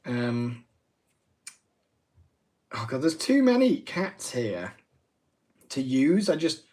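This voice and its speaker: A man's voice: mid-range voice, very animated, slow pace, a little mellow. A man, hosting a casual live craft demo, chatty and self-deprecating with rambling asides. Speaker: craft livestream host.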